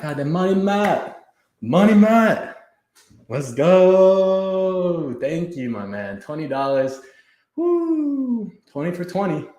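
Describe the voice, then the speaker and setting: A man's voice: medium pitch, roomy sound. A young man hosting a fan livestream in casual chat, hyped and out of breath, laughing as he talks to viewers from his home. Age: young adult. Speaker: fan podcast host. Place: home room. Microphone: camera on the floor.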